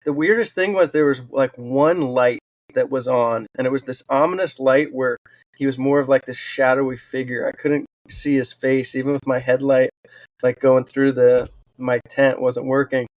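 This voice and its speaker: A man's voice: mid-range voice, normal speed, no echo. Earnest man telling stories in an interview. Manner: earnest, animated storytelling with fillers. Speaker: podcast guest, wildland firefighter and author. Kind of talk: storytelling in a casual interview.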